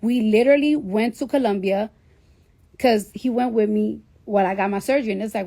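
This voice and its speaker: A woman's voice: fairly high pitch, brisk, creaky, dark tone. Blunt, profane woman telling a story. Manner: blunt, profane, many fillers. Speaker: celebrity on a livestream. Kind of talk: casual storytelling.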